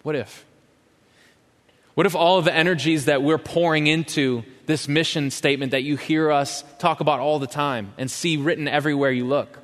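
Pastor preaching in a reverberant hall. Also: male voice, a little high. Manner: impassioned, questioning, swings from loud to hushed. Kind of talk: sermon.

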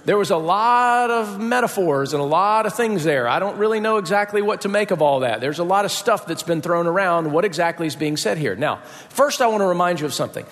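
High-pitched pastor guy preaching, chatty storyteller, lots of "right?", echoey hall. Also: expressive, a little fast, a bit bright. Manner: conversational storytelling, asks the congregation "right?". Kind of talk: sermon.

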